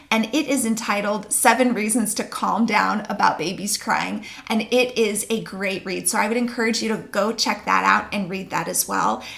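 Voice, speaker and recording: A woman's voice: medium pitch, creaky, fairly bright tone. A young adult woman working as a sleep consultant, giving earnest, reassuring parenting advice to camera. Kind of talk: talking-head advice video.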